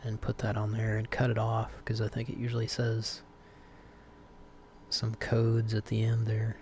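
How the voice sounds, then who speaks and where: A man's voice: on the low side, monotone, a little slow, darkish tone, a little hiss or hum. A man hosting a live call-in stream, chatting casually and rambling with fillers and restarts.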